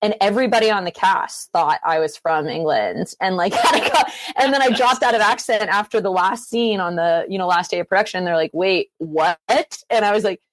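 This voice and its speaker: A woman from Canada, chatting as an interview guest, full of fillers and quick laughs. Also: medium pitch, dry recording. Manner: chatty, many fillers and restarts, laughs easily. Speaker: guest actor and filmmaker. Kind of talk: casual interview chat.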